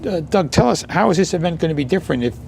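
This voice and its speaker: Gravelly-voiced joking male host. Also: fairly high pitch, expressive, racing, a little mellow, a little hiss or hum. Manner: joking, prompting questions. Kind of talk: casual interview chat.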